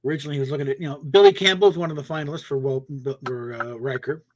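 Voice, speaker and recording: A man talking casually on a live stream. His voice sits a little high, and he rambles, circling back with fillers and half-finished restarts. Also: big pitch swings, very fast, darkish tone. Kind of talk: casual chat.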